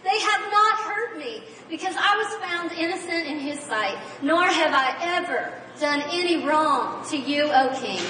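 A woman preacher voicing a calm, reverent young male prophet who speaks with gentle respect, recorded from far off in an echoey hall. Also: high-pitched, measured pace, hardly any pauses, a little hiss or hum, exaggerated voice.

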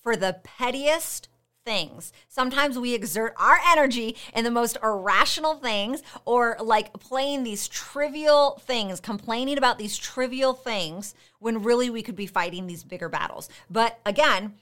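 A woman's voice: fairly high pitch, a little slow, a bit bright. A woman hosting a motivational podcast, talking straight to the listener in a direct, conversational way and asking rhetorical questions. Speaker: podcast host and coach.

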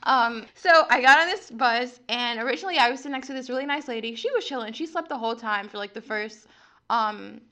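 Chatty young woman, slightly high voice. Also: brisk, pushed and bright. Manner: chatty, laid-back storytelling. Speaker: podcast co-host. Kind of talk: casual chat.

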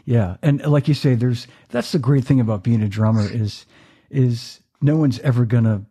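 A man's voice: mid-range voice, dark tone, breathy edge. A man hosting a casual interview podcast, enthusiastic and chuckling, often restarting his phrases. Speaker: podcast host.

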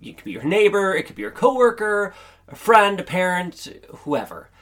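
A man's voice: high-pitched, sing-song, moderate pace, a bit bright. A man hosting his own podcast and giving an upbeat, earnest, chatty pep talk. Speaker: podcast host. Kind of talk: motivational solo podcast monologue.

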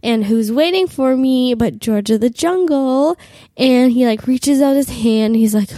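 A podcast host in her twenties, who has a cold, tells a comic travel story crudely and at her own expense, saying "like" a lot. Her voice sits on the high side, mellow, at normal speed, in a dry recording.

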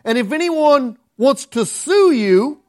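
A man's voice: extremely high pitch, animated, takes it slowly, a little mellow. A man preaching a conversational sermon, often restarting phrases and rising to emphatic outbursts. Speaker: pastor.

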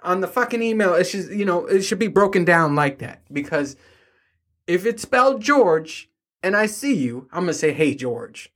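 A man's voice: high-pitched, fairly bright tone. A young adult man telling rambling, profane stories in a casual monologue to his listeners, with exasperated asides. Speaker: solo podcast host.

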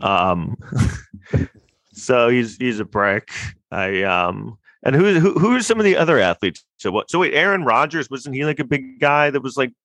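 Gravelly, animated man chatting casually. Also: medium pitch, moderate pace, dry recording. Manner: rambling, opinionated, many fillers and restarts. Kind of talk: casual podcast chat.

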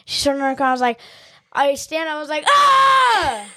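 A woman's voice: sits high, steady tone, rapid-fire. A woman in casual chat, rambling through a story with many fillers.

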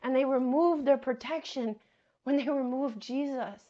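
A woman's voice: high voice, moderate pace, mellow, muffled recording. A woman preaching a sermon, reading scripture aloud and explaining it earnestly, repeating key phrases and addressing her listeners as friends.

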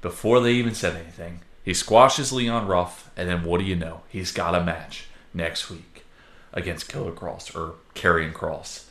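A man's voice: deep voice, steady tone, normal speed, fairly bright tone. A man co-hosting a casual podcast, giving opinionated takes with exasperated emphasis. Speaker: podcast co-host. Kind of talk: casual wrestling podcast chat.

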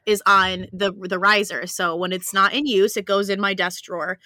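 A woman's voice: mid-range voice, fairly even intonation, moderate pace, bright, forceful tone, slight background noise. A woman hosting a podcast in casual chat, making wry, teasing remarks.

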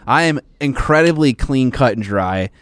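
A man's voice: medium pitch, expressive, moderate pace, a bit bright, no echo, studio quality. A man co-hosting a podcast in casual chat, rambling and jokey, with lots of fillers. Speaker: podcast co-host.

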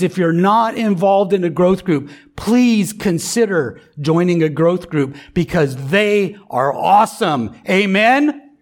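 A middle-aged man preaching a sermon in a conversational, emphatic way, often checking in with the congregation. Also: high voice. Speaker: pastor.

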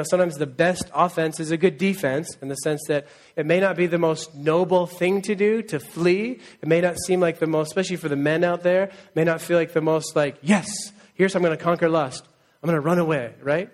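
A man in his thirties preaching a conversational sermon, earnest, often asking the congregation for a reply. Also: on the high side. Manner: conversational, earnest, asks the crowd for replies. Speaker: pastor.

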